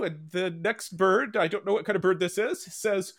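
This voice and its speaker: A man's voice: sits high, animated, moderate pace, few pauses, fairly bright tone. A man hosting an interview show, enthusiastic, reading and describing cartoons for listeners. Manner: enthusiastic, reads captions aloud. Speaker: host. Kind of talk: casual interview chat.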